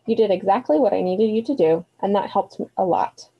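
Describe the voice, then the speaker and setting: A woman voicing an older female magic mentor who is brisk, stern and caring. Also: medium pitch, animated, husky, dull audio. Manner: brisk, commanding.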